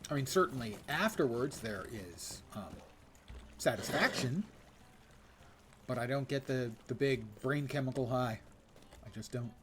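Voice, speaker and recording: A man's voice: medium pitch, animated, unhurried, pauses often, a little hiss or hum. An older man streaming a game, giving casual, wry, self-mocking commentary and reading quest text aloud.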